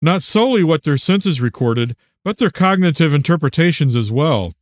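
A man reads his own novel aloud in a scripted audiobook narration with an expressive, storytelling delivery. His voice sits a touch higher than most men's and rises and falls with lively intonation. The recording is close and dry with no room sound. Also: moderate pace, no room sound.

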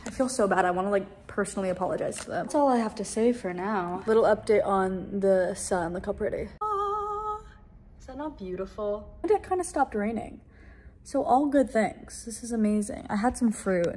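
A woman's voice: medium pitch, darkish tone, a little hiss or hum. A young woman rambling to the camera in a casual home vlog, chatty and full of fillers. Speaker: lifestyle vlogger. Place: at home, indoors.

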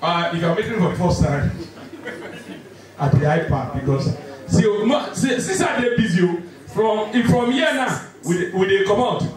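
Nigerian male stand-up, fast banter, high voice, distant mic in a roomy hall. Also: lively intonation. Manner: rapid Pidgin-laced banter, laughing often. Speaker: stand-up comedian. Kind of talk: live stand-up comedy. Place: large indoor venue with live audience. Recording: echoey hall from far off, loud crowd.

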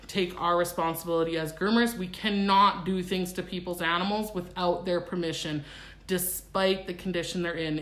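A woman, a pet groomer, hosting a live stream in a brisk, matter-of-fact way. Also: fairly low pitch, a bit bright. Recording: roomy echo.

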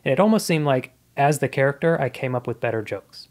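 A man's voice: medium pitch, expressive, fast, darkish tone. A man in his thirties, a comedian guest on a podcast, telling his life story in a casual, earnest and reflective way.

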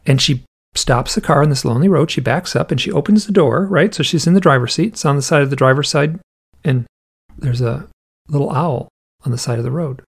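With a fairly high, husky voice and vocal fry, a man being interviewed talks a little fast. His casual, meandering story is full of "like" asides, and he voices the people he quotes.

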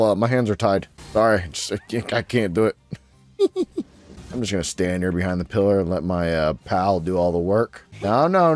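A young guy runs a gaming channel, chatting playfully and casually about his gameplay and speaking directly to the creatures on screen. His pitch leaps suddenly whenever he gets excited.

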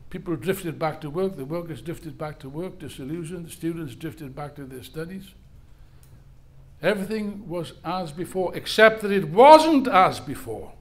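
A man's voice: a little high, lively intonation, normal speed. An older man giving an impassioned speech at a political rally, emphatic and hammering key phrases through repetition. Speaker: rally speaker.

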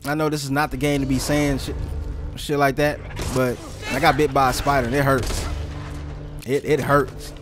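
A man giving funny gameplay commentary, excitable and slangy, reacting to the game with jumpy exclamations. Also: mid-range voice, normal speed, over music. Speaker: gaming commentator. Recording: game gunfire noise behind the voice.

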